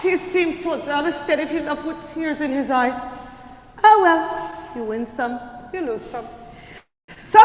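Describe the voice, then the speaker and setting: A woman's voice: high voice, lively intonation, takes it slowly, far from the mic. A woman telling a puppet story live, playful and chatty with asides to the audience. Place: church hall, live event. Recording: echoey hall, faint room noise.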